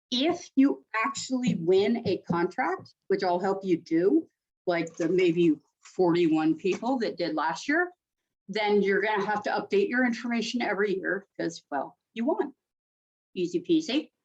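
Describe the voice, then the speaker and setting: A woman giving a webinar presentation in a chatty, joking way with animated asides. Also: on the high side. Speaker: SBA presenter. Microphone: video call. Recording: dull lo-fi webinar audio.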